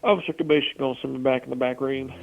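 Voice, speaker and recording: A man's voice: mid-range voice, steady tone, fast talker, vocal fry, phone-quality sound, close to an everyday voice. A man playing an odd, insistent character who talks in slang with a put-on accent in an improvised comedy bit. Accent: some put-on accent. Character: odd gravelly man with an accent, sure his ghost babies are real.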